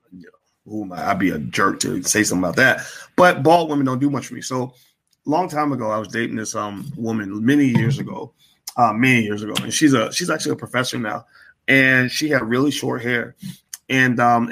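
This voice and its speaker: Male host, bright timbre, chatty anecdotal monologue with animated voices and filler words. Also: mid-range voice, vocal fry, breathy edge. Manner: storytelling with animated put-on voices and frequent fillers. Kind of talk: casual late-night monologue.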